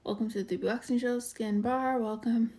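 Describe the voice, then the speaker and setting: A woman's voice: on the high side, fairly even intonation, brisk, warm tone. A woman hosting a casual live-stream show, chatting and greeting viewers by name. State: out of breath. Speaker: waxing show host.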